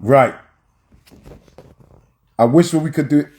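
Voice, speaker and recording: A man with a fairly high voice talks his audience through film scenes. His delivery is emphatic, almost preacher-like, and he keeps checking in with his listeners. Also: slow, a little mellow. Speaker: film commentator.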